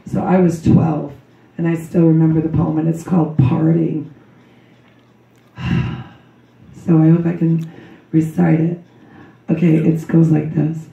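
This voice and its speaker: A middle-aged woman with a loud, gravelly voice delivers a slow memorial tribute. Her tone is dark and earnest, and she slips into rambling asides. She is picked up from far off in an echoey hall, and the recording sounds dull. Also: deep voice. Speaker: grieving mother giving a memorial tribute. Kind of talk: memorial tribute speech and poem recital. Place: memorial gathering in a large room.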